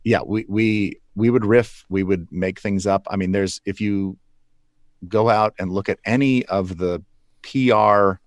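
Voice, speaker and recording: A man's voice: fairly low pitch, steady tone, unhurried, dry recording, studio quality. A man being interviewed about puppeteering, talking loosely with restarts and small chuckles. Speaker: puppeteer guest. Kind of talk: relaxed interview answers.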